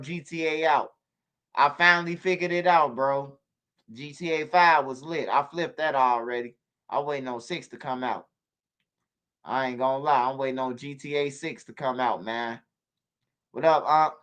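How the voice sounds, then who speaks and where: A man hosting a stream, telling stories in a slangy, animated way and repeating himself. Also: on the high side, smooth. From Chicago. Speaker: channel host on a livestream. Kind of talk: casual storytelling to viewers.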